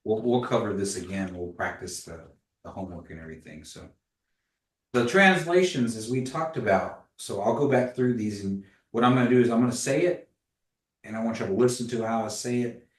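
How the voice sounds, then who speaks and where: A man's voice: on the low side, brisk. A man teaching a language class in a casual way, patiently modeling pronunciation and telling stories. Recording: echoey room, voice from a distance.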